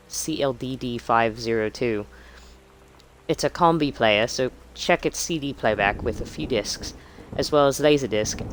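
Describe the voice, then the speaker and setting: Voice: medium pitch, slight background noise, close to an everyday voice, rough recording. A streamer voicing a businesslike male magazine editor in an unplaceable, mixed put-on accent.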